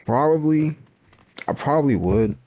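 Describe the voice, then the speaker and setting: A man's voice: fairly high pitch, lively intonation, unhurried, warm tone, dry recording. A young man chatting casually while he games, rambling, laughing often and trailing off into restarts. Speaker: comics vlogger. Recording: dull lo-fi home recording.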